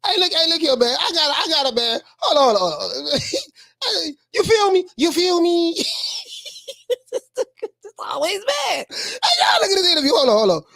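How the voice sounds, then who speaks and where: Excitable woman with a high voice. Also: moderate pace, gravelly, raised voice. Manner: excitable, laughing, repeats phrases. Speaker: live-stream host reacting to a video. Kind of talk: excited reaction commentary.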